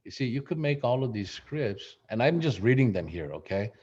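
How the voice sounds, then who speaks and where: A man coaching a class on phone scripts in a relaxed, conversational way, with many fillers and restarts. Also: medium pitch, normal speed, husky, highs cut off. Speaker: real estate trainer.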